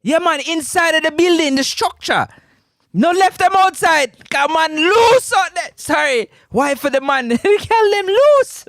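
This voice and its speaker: High, lively Jamaican host, laughing. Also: male voice, a little slow, vocal fry, dry recording. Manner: playful, teasing, laughs often. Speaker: sports talk host. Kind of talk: live stream chat.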